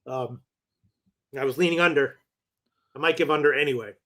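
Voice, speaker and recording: A man with a bright, forward voice and slightly raised pitch talks through his betting leans. He hesitates often, using "you know" and "uh" as he reasons aloud in a relaxed, chatty way. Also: normal speed. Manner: hesitant, thinks aloud with many fillers. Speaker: sports betting show co-host. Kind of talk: casual sports betting talk.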